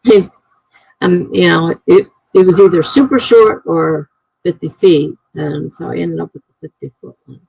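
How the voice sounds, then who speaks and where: Gravelly rambling woman streamer. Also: lowish voice, fairly even intonation, moderate pace, no room sound. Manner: rambling, thinks out loud. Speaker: writer live-streaming. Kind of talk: casual live-stream chat. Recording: dry, slightly dull lo-fi mic.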